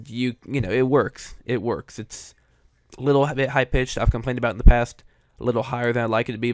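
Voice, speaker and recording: A man's voice: mid-range voice, no room sound, clean studio sound. A young man hosting casual commentary, an opinionated, chatty fan. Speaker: show host reviewing voice actors.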